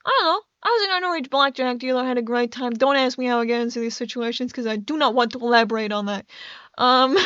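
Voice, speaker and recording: High-voiced young woman rambling, restarting often. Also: quick pace, a bit bright, clear, resonant tone, dry recording, muffled recording. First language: Dutch. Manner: rambling, self-interrupting, frequent stammered restarts. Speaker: gaming YouTuber. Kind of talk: casual rambling commentary while playing.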